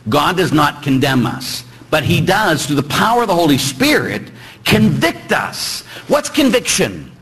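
A middle-aged man, a priest, preaching a lively sermon full of teasing rhetorical questions. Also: fairly high pitch, normal speed, few pauses, husky, poor audio. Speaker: Catholic priest.

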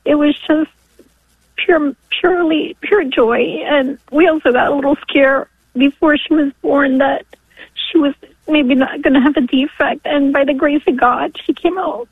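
Caller, woman in her 40s, high voice, thin phone-line sound, halting and emotional. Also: no echo. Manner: emotional, halting, sometimes tearful. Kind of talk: call-in radio testimony. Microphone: telephone. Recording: dry tinny phone line.

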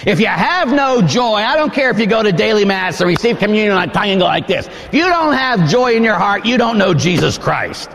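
A man, a Catholic priest, telling a story in a sermon, swinging between hushed asides and excited exclamations. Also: high voice, moderate pace, creaky, in a large hall.

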